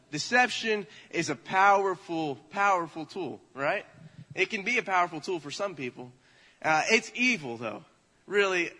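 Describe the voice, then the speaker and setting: A young man in his twenties preaching in church, telling a childhood story in an animated way. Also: fairly high pitch. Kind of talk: sermon with personal story. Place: church hall. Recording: long church hall reverb.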